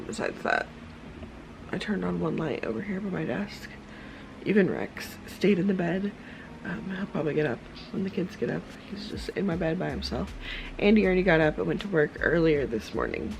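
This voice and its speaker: A woman talks in a low, chatty ramble full of fillers, her voice tired and husky from just waking up. She is vlogging from a dim room at home, with faint noise behind her. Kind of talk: casual vlog chat. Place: dim home room at a desk, early morning.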